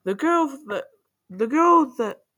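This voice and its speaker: Woman voicing a shouty hot-headed prince, orders people around, takes his time. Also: high voice, lively intonation, slow, no room sound, voice pushed up, heavily acted. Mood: excited. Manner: roaring, barking orders. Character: hot-tempered, bloodthirsty young prince.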